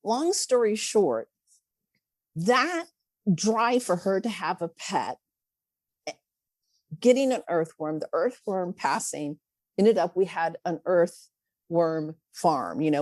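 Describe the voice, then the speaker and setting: A woman, a former preschool teacher, telling classroom stories as a podcast guest, animated and laughing often. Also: medium pitch, no room sound. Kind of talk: casual storytelling interview.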